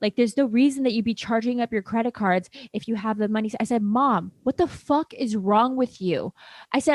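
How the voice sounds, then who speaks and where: A woman's voice: fairly high pitch, fairly quick, a little mellow, dry recording, studio quality. A woman co-hosting a podcast in casual chat, telling rambling, profane stories with mimicked quotes. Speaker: podcast co-host.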